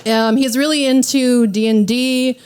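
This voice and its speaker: A woman in her thirties hosting a stand-up comedy set, self-deprecating and animated as she acts out what others say. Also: on the high side, unhurried, clear, resonant tone. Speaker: comedy show host. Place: live comedy venue with audience.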